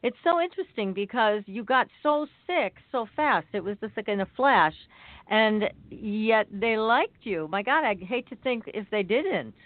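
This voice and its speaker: A woman's voice: on the high side, expressive, measured pace, no room sound. Sympathetic woman host on a phone line. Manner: sympathetic, exclaims in reaction. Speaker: radio show host. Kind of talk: interviewing a guest.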